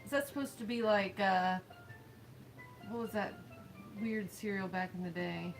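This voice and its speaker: A woman's voice: mid-range voice, unhurried, creaky, music in the background, poor audio. A woman co-hosting a live stream, chatting casually while gaming and reading chat aloud, laughing often. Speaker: streamer co-host.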